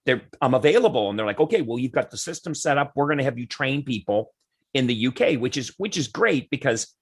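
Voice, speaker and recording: A man's voice: mid-range voice, fast talker, breathy edge. A man, a podcast guest, chatting casually and acting out what other people said as he tells stories. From Canada. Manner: animated storyteller who acts out what others say. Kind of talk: casual chat.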